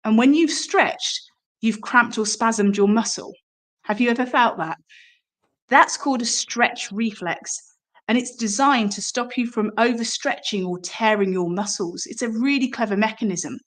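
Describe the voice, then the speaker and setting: A woman's voice: on the high side, measured pace. Woman teaching somatic movement, coaxing questions. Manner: engaging, asks the listener rhetorical questions. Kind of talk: explanatory teaching talk.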